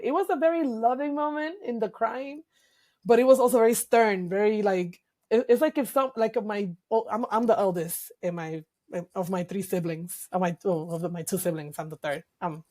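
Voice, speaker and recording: A woman's voice: medium pitch, normal speed, darkish tone. Reflective woman. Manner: reflective, emotional, hesitant with fillers. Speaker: guest. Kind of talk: candid personal interview.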